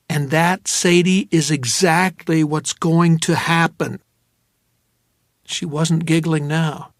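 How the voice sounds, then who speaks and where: A man narrating a novel in the first person, in a steady, wry, dry manner. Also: on the high side, slow pace, no room sound. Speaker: audiobook narrator.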